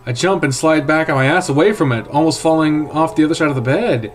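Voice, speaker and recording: A man's voice: fairly high pitch, a little fast, faint music behind. Man narrating a tense horror story. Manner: tense, hushed dramatic reading. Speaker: streamer reading a visual novel. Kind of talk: first-person story narration.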